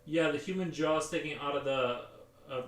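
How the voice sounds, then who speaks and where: A man's voice: a little high, normal speed. A man chatting casually on a live stream while he sketches, rambling as he answers viewers' chat. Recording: roomy, distant mic, faint music.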